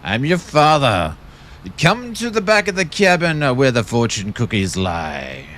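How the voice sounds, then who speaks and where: An Australian man doing a hammy impression of a deep, menacing male space villain. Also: huge pitch swings, measured pace, a bit bright. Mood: mock-menacing. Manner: hammy mock-menacing delivery.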